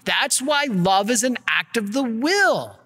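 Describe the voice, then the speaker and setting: A man, a priest, giving an earnest and energetic sermon with slides. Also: very high-pitched, slow pace, big-room sound. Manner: earnest, energetic preaching, gets worked up.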